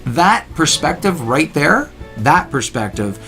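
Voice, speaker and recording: A man's voice: fairly high pitch, takes it slowly, faint music behind. A man co-hosting a casual chat, joking and acting out quotes in different voices. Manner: animated, teasing, acts out quotes in voices. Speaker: co-host.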